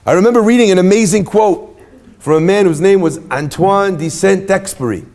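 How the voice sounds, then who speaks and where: A man's voice: high voice, brisk. A man giving an inspirational talk to an audience, telling stories and joking with the crowd. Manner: animated storyteller, jokes with the crowd. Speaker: speaker at a retreat.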